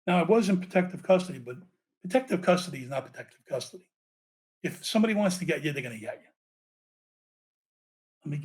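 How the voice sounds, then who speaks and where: Profane storytelling ex-cop. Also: male voice, fairly high pitch, brisk, pauses often. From United States. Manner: profane, animated storytelling with laughs. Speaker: podcast guest, former police officer. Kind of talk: storytelling in a podcast interview.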